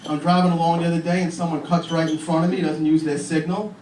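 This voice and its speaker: Stand-up comic in an echoey club. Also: male voice, on the high side, level tone, quick pace, a little mellow, recorded from a distance. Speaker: stand-up comedian. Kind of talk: stand-up comedy set. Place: comedy club. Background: audience laughter and room noise.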